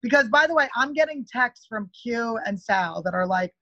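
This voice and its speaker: Woman, podcast guest, animated storyteller, sharp bright tone, dry close sound. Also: on the high side, normal speed, dry recording, lo-fi sound. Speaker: comedian guest. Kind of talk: casual podcast chat.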